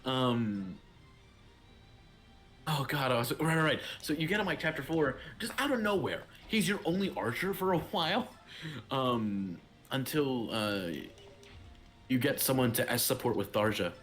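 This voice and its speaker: A man's voice: mid-range voice, expressive, a little slow, fairly bright tone, soft background music. A young man hosting a let's-play, chatting casually and rambling with lots of filler words. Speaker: gaming channel host.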